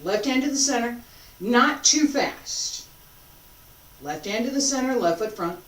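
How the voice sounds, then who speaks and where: Woman teaching martial arts, slow calm cues, lots of questions, mic kinda far off. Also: on the high side. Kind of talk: teaching while demonstrating. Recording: echoey room, voice from a distance.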